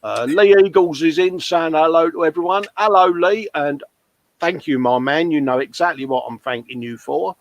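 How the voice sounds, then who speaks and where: A man's voice: fairly high pitch, normal speed. A man hosting a casual livestream, reading out viewers' comments with chatty, matey banter. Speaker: livestream host.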